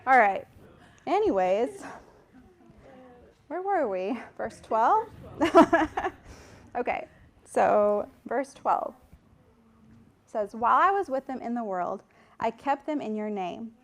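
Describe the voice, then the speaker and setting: This woman's voice is a little high and very animated, yet slow, with long pauses, as she reads scripture aloud and teaches a Bible study. Earnest and conversational, she offers apologetic asides and is a little out of breath at the mic.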